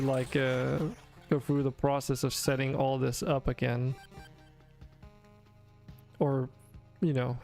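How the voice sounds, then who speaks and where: A drowsy man chats through a video game on his stream in a mid-range voice with a gravelly texture. He rambles, restarts his sentences and talks in a loose, off-the-cuff way. Faint music plays underneath. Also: medium pitch. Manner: relaxed, rambling, self-correcting. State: yawning, sleepy. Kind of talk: casual gameplay commentary.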